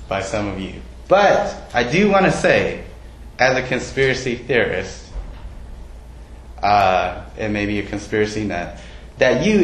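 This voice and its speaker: A man's voice: medium pitch, echoey room, slight background noise, low-quality recording. A man preaching a sermon as pastor, in a conversational way, often putting questions to the congregation and poking fun at himself. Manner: conversational, self-deprecating, asks the congregation questions.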